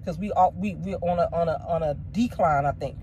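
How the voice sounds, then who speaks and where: A woman's voice: on the low side, fairly quick, warm tone, muffled recording, slight background noise. A woman vlogger casually telling a personal story to her viewers, candid and emotional, with slangy asides.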